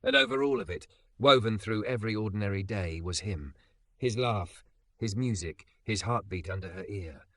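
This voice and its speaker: Man, narrator, soft lingering storytelling, dry close sound. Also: on the low side, very animated, moderate pace, vocal fry, no echo. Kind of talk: scripted romance narration.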